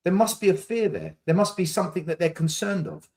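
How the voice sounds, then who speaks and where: A man's voice: high voice, a little fast, a little mellow. A man, hosting a podcast, arguing heatedly in casual debate and repeating words when he gets pressed. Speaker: podcast host.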